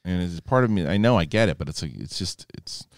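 A man's voice: low voice, animated, quick pace, dry recording, studio quality. A middle-aged man co-hosting a show, joking in loose, profane casual chat. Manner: profane, joking, riffs into mock voices. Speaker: podcast co-host.

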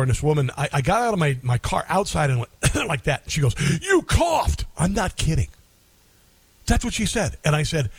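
A middle-aged male talk radio host with a voice sitting a bit high for a man. He delivers an opinionated monologue with combative indignation, hammering points home by saying them twice. The sound is dry and close, with almost no room around it. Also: no echo. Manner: repeats phrases for emphasis.

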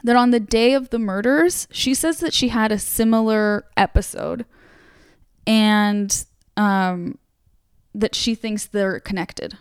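A woman's voice: mid-range voice, slow pace, clean tone, dry recording, studio quality. A woman hosting a casual true-crime podcast, retelling a case in a conversational way with plenty of fillers. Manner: conversational storytelling, many fillers. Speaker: podcast host.

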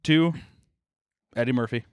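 Animated young podcast co-host man. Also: medium pitch, no room sound, highs cut off. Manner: animated, swearing, quick jokey riffs with put-on quotes. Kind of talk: casual chat.

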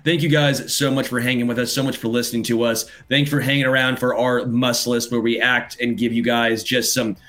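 A man co-hosting a podcast in casual chat, given to heated, animated rants that rise to shouting. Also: medium pitch, a little fast, hardly any pauses. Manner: animated ranting, rising to shouts. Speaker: podcast co-host.

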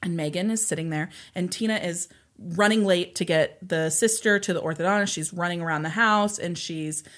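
A woman's voice: fairly low pitch, a little fast, a bit bright. A woman co-hosting a podcast, retelling a story at length with many "like"s and "and so"s. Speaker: podcast co-host.

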